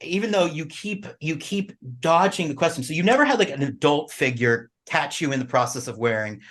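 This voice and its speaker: A man co-hosting a podcast in casual chat, animated and teasing. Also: a little high. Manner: animated and teasing, quick bursts. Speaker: podcast co-host.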